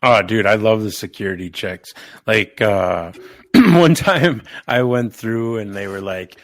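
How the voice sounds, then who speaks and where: A man chatting casually on a podcast, emphatic and animated, calling people "dude". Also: on the low side, unhurried, no room sound, clean studio sound. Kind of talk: casual chat.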